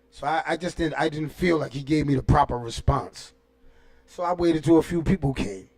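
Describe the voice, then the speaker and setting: A man chats on his livestream in a high voice with a gravelly fry. He fires off shout-outs and boisterous, profane trash talk in street slang. He keeps tossing in "you know what I'm saying.". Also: moderate pace. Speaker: livestream host. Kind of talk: casual livestream chat.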